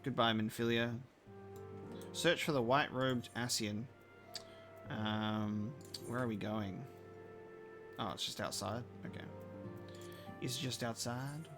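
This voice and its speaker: A man's voice: mid-range voice, slow pace, pauses often. A man with a blend of Australian and British accent, chatting casually while live-streaming a game and reacting to chat. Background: faint game music.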